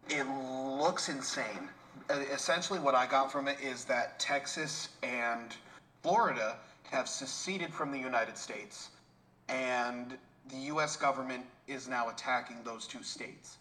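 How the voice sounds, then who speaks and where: A man's voice: medium pitch, a little slow, bright, forceful tone, low-quality recording. A man on a podcast in casual chat, ranting heatedly with heavy swearing.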